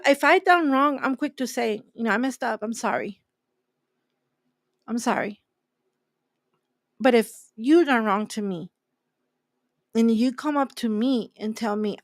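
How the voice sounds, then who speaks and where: A woman gives a faith talk in an emphatic, preaching style and drives her points home by repeating them. Her voice sits on the higher side, and the sound is close and dry with no room echo. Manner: emphatic, repeats key phrases. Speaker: host.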